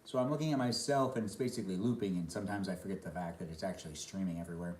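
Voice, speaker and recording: A man's voice: low voice, very fast, darkish tone, echoey room, slight background noise. A man chatting casually on a live stream while eating dinner, reading and answering chat comments between bites. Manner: talks between bites of food.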